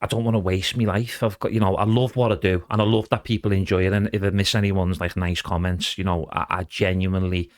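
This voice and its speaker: Chatty middle-aged man, low dry voice. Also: level tone, quick pace, few pauses, no echo. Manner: chatty and rambling, calls the host "mate". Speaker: guest impressionist. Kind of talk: casual podcast chat.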